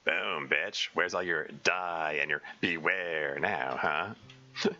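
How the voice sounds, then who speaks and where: A man's voice: sits low, slow, bright, forceful tone, highs cut off, pitched below the performer's own voice, exaggerated voice. A man voicing a blunt, distrustful teenage girl who speaks with sarcasm. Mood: taunting. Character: gruff, suspicious teenage girl club member.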